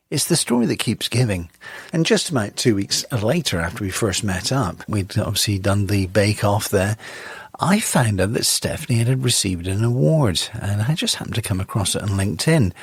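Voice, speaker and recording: Low husky guy setting up the story, dry close sound. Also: no echo. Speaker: podcast host. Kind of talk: narrated introduction.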